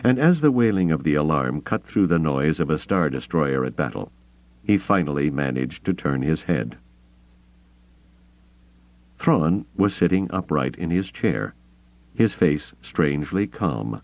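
Very deep male audiobook narrator, expressive and lively, dry tinny phone-like sound. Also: no echo. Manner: dramatic, expressive reading with measured pauses. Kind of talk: scripted novel narration.

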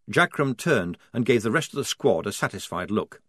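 Expressive male audiobook narrator. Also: on the low side, breathy edge, no room sound, clean studio sound. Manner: measured, expressive. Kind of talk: scripted narration.

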